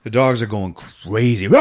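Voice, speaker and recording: A man hosting a podcast, casually recapping a film scene by scene, laughing often and acting out the characters' lines in squeaky voices. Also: a bit bright. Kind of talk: casual movie recap chat.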